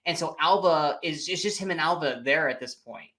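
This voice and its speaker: A man co-hosting a casual bad-movie podcast, retelling scenes in an animated way and acting out lines. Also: fairly high pitch, brisk. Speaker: podcast co-host.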